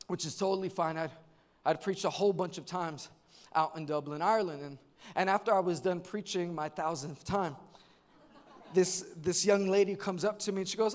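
A man from New York preaching a sermon at a church service, animated, often repeating words and rising to shouts. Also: sits high, normal speed. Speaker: pastor.

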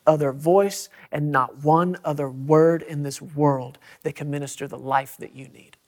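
A man's voice: a little high, fairly even intonation, a little slow. A man preaching in an emphatic manner, his voice rising when he quotes scripture. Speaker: pastor. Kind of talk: preaching in a church talk.

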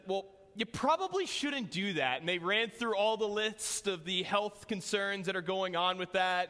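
A man's voice: sits high, sharp tone. A young man preaching a sermon in a casual, joking way, telling a personal story to his church. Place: church hall. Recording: long hall reverb.

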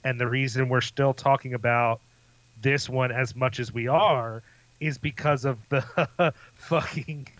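A man's voice: mid-range voice, steady tone, unhurried, a bit bright, dry recording, poor audio. A man on a podcast who teases and interrupts the others with profane banter. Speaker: podcast co-host. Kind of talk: casual chat.

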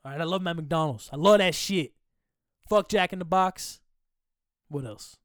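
A man's voice: a little high, moderate pace, dry recording. Profane, rambling young-sounding man, dry close mic. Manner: loose, profane, rambling, jokey. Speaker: podcast host. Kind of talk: casual sports chat.

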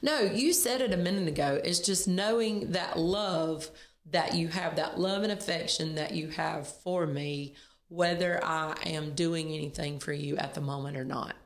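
A woman's voice: deep voice, normal speed. Earnest woman co-hosting in an echoey room. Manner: earnest, laughs easily, restarts often. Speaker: podcast co-host. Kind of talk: candid marriage podcast chat. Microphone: on camera.

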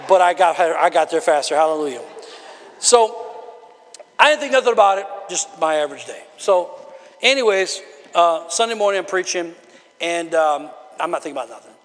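Man, pastor, high voice, sermon, chatty preaching with loud shouted peaks, long church reverb. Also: lively intonation, a little fast. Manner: conversational preaching with rising shouted bursts. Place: church sanctuary.

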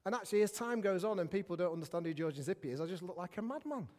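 A man with a notably high voice delivers a sermon to a congregation. He is chatty and pokes fun at himself, drifting into asides. His voice rings out with a long hall reverb. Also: lively intonation, racing, darkish tone. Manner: chatty, self-mocking, with many asides. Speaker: preacher. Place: church hall.

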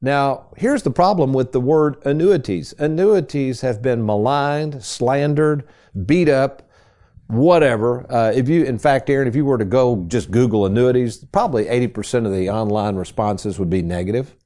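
A man's voice: medium pitch, moderate pace, dark tone. A man hosting a retirement-planning radio talk show, talking in a folksy way, quizzing his co-host and stressing key words as he explains.

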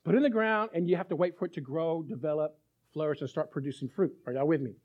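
A man preaching a sermon as pastor, animated, acting out little dialogues and asking his listeners if they follow. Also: on the high side, quick pace, lo-fi sound. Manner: animated, acts out little dialogues, asks the crowd.

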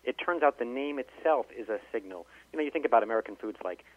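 A man's voice: medium pitch, animated, fast. A man, an author and linguist, storytelling in a phone-in interview with many restarts. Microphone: telephone. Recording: tinny phone line.

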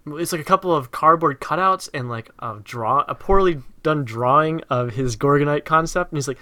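A man co-hosting a casual film discussion, animated and laughing as he talks. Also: fairly high pitch. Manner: animated, laughing, quick to agree. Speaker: podcast co-host.

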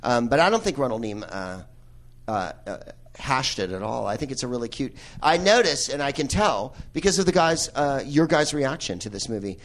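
A man's voice: medium pitch, big pitch swings, moderate pace, a bit bright. A man hosting a live podcast in a movie theater, riffing on a film with profane, laughing asides. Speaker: podcast host. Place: old movie theater with audience.

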